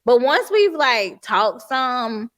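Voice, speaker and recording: A woman's voice: on the high side, sing-song, takes it slowly, a bit bright. A young woman, co-hosting a podcast in frank, agreeable casual chat. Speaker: podcast co-host.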